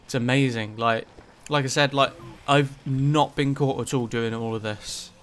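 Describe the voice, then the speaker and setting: A man's voice: mid-range voice, steady tone, unhurried. A man giving casual gameplay commentary, rambling with lots of ums and likes and some swearing. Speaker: gaming channel host.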